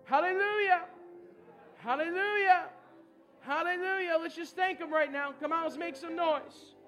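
A male pastor leading a charismatic church service, praying fervently and urging the congregation with shouts and laughter. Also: very high-pitched, fairly even intonation, moderate pace, soft background music.

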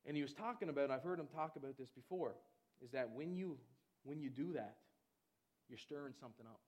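A man preaching a sermon with exuberant energy. He often repeats words and breaks into loud laughter. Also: medium pitch, fairly quick.

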